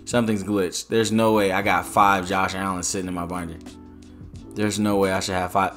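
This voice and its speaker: A man's voice: low voice, level tone, moderate pace, fairly bright tone, faint music behind. A young man commenting on a game pack opening, rambling and joking, with slang and exasperated outbursts. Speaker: gaming YouTuber.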